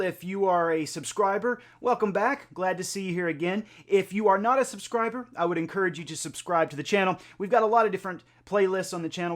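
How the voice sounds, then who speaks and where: A man's voice: high voice, a bit bright. A man hosting a music reaction video, talking in a chatty, conversational way with lots of filler words. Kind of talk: casual reaction video talk.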